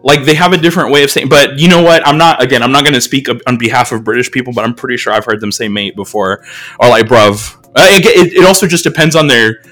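American male podcast host, mid-pitched, rambling casual chat, faint music underneath. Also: quick pace, a bit bright. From United States. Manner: rambling, filler-heavy, self-deprecating.

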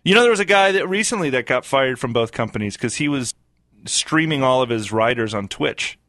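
A man's voice: medium pitch, lively intonation, a bit bright, no echo, studio quality. A man co-hosting a talk show, bantering and joking along in casual chat. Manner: quick banter, jokes along. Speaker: co-host.

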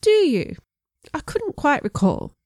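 A woman's voice: sits high, huge pitch swings, slow pace, darkish tone, no echo, studio quality, voice pushed up, heavily acted. A woman voicing a stern, wry middle-aged man with an English accent in an audiobook. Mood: dry, evasive. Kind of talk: audiobook character voice.

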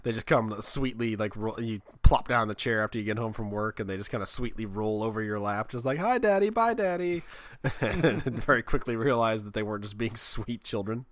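A man's voice: lowish voice, level tone, fairly quick, few pauses, a bit bright, no echo. A man co-hosting a casual comedy podcast, riffing playfully and jumping into silly bits. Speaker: podcast co-host.

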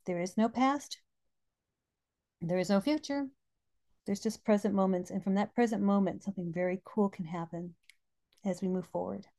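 A woman's voice: mid-range voice, mellow. A middle-aged woman hosting a podcast, telling heartfelt personal stories and quoting spiritual texts. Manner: heartfelt storytelling, quoting scripture. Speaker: podcast host.

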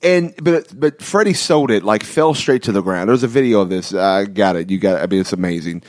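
A man's voice: lowish voice, brisk, no echo, clean studio sound. A man hosting a casual podcast chat, telling a story in a rambling way with many restarts and frequent laughter. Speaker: podcast host.

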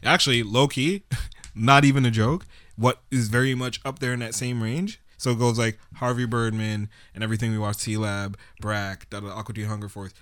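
A man in casual chat about cartoons, animated and laughing often, acting out scenes he remembers. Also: medium pitch, normal speed. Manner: animated, laughs a lot, acts out scenes in voices.

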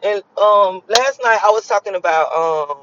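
A woman's voice: mid-range voice, normal speed, a bit bright, dull audio, slight background noise. A woman talking casually to her viewers, giving blunt, profane, preachy advice that wanders between thoughts. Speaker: vlogger. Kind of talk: casual motivational talk to viewers.

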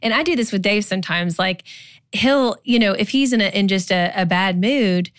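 A woman's voice: medium pitch, normal speed, no echo, clean studio sound. A woman in her forties co-hosting a podcast, giving casual marriage advice in a chatty way, full of "like" and "you know". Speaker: podcast co-host.

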